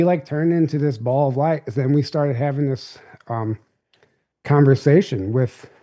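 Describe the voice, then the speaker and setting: A man's voice: medium pitch, mellow. A young adult man, a podcast guest, telling a story in a loose, rambling, casual way.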